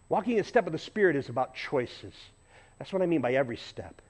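A man with a fairly high voice preaching a sermon. He speaks conversationally, punching some phrases loudly and dropping others to a quiet, intense hush. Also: very animated, fast talker. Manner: conversational, moving between loud emphasis and quiet intensity. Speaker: pastor. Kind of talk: sermon with storytelling.

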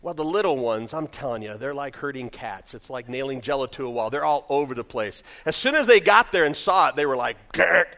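A man preaching a sermon in a church. He reads scripture loudly and then drops into quiet, joking asides as he tells stories. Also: medium pitch, fairly quick, hardly any pauses. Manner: animated storytelling, swings from loud scripture reading to quiet asides. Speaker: pastor. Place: church sanctuary.

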